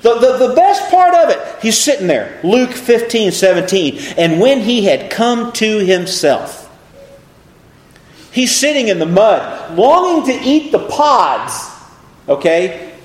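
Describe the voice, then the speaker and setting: A man's voice: high-pitched, measured pace, roomy sound. A man preaching a sermon, reading scripture and asking his listeners rhetorical questions. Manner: animated, asks the congregation rhetorical questions.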